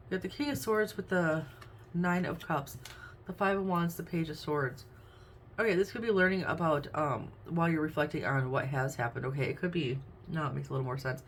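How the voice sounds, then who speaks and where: A woman giving a casual tarot reading at home, chatty, with frequent "um"s and "okay?"s. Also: low-pitched. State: hiccups. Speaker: tarot reader. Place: home room with window open. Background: faint noise from outside.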